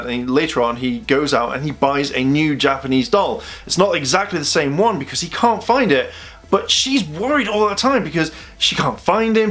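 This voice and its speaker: A man's voice: fairly high pitch, fairly bright tone. A man giving a casual spoken review of an anime, chatty and rambling, with lots of "you know" fillers.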